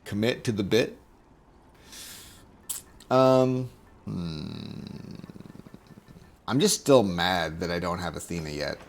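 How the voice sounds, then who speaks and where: A man's voice: low-pitched, animated, slow pace, creaky, pauses often, a little hiss or hum. A man streaming a video game, chatting casually with viewers in a rambling, jokey way and chuckling at his own jokes into a desk microphone. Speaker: gaming streamer.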